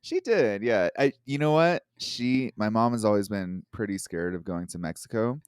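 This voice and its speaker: A man's voice: on the low side, moderate pace, smooth, no echo, studio quality. A man guesting on a podcast, chatting casually and playfully mimicking people he met. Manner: lively, playful voices for quotes. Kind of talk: casual interview chat.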